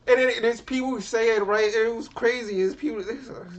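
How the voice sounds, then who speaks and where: A young man streaming from his computer, ranting in an animated, profane, skeptical way, full of restarts. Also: very high voice, fairly quick. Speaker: streamer reacting to movie news. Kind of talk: casual rant on stream.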